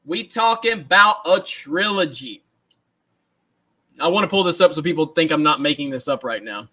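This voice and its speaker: A young man hosting a casual livestream, ranting in an excited, repetitive way and often breaking into laughter. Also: a little high, moderate pace. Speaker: host.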